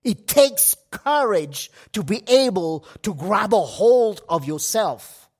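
Slow, emphatic male preacher. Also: high voice, lively intonation, breathy edge. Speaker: pastor. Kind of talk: sermon. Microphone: livestream setup.

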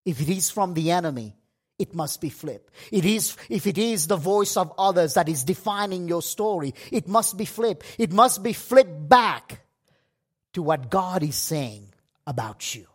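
A man preaching a sermon, slow and emphatic, with pauses between phrases. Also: high voice, lively intonation, slightly rough. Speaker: pastor. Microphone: livestream setup.

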